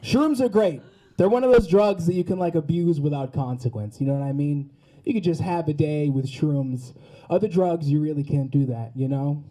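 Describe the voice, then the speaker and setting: A man's voice: a little high, moderate pace, mellow. A young man from Massachusetts with a Boston accent, doing a loose, chatty stand-up set with crowd work in front of a studio audience. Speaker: stand-up comedian. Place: studio stage before a live audience.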